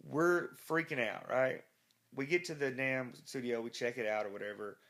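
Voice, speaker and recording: A man's voice: mid-range voice, moderate pace, fairly bright tone. A man, a rock musician being interviewed, telling a rambling, profane anecdote full of restarts. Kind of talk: casual storytelling interview.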